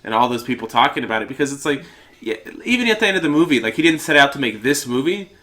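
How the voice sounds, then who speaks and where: Podcast co-host, male, sick, rambling and laughing, bright voice. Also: mid-range voice, animated, quick pace. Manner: rambling, restarts, laughs easily. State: sick, coughing. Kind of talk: casual chat.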